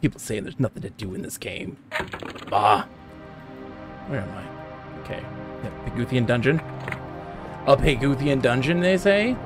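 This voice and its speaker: A man streaming a video game live, rambling along in a relaxed, joking way and chatting with the characters he meets. His voice sits at an ordinary middle pitch. Game music plays faintly behind him. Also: moderate pace. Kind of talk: casual live gameplay chat.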